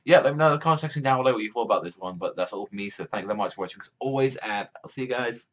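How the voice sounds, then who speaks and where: A man's voice: medium pitch, lively intonation, very fast, low-quality recording. A man reviewing a manga chapter in a casual vlog, rambling with constant fillers and frequent swearing.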